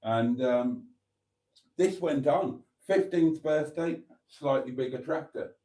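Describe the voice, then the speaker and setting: A man's voice: mid-range voice, slow, warm tone. A man hosting a live stream, chatting casually, reading out viewer comments and telling a long rambling joke. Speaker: livestream host.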